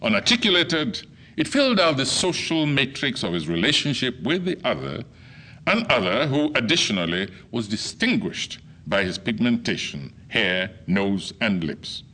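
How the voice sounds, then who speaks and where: An older man from Nigeria delivering a formal lecture in a measured, oratorical manner. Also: mid-range voice, big pitch swings, bright, forceful tone. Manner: measured, oratorical delivery with wide swings in emphasis.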